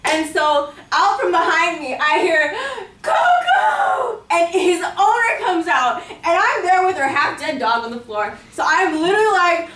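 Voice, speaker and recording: High-voiced young woman telling a story. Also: animated, normal speed, few pauses, a bit bright. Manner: casual, filler-heavy, acts out her own lines. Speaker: student speaker. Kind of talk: storytelling speech. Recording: echoey room from far off.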